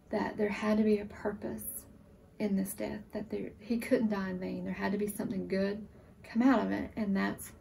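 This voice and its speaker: A woman in her forties, a surviving military spouse, giving an emotional, earnest testimonial, sometimes halting. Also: mid-range voice, gravelly, dark tone, recorded from a distance, a little hiss or hum. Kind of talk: testimonial interview.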